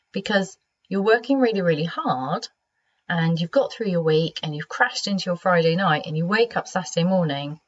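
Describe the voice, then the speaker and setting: A British woman hosting her own podcast, speaking gently and conversationally in a croaky, sleepy voice. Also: fairly low pitch. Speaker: podcast host. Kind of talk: solo podcast monologue. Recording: slightly dull lo-fi sound.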